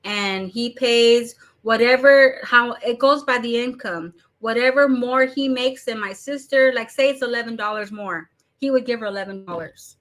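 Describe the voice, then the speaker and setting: A woman from Arizona talks straight to her viewers in a blunt, swearing rant on her commentary channel. Her voice sits a little high and sounds bright and forceful. She mocks the people she quotes in a casual, unscripted way. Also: moderate pace.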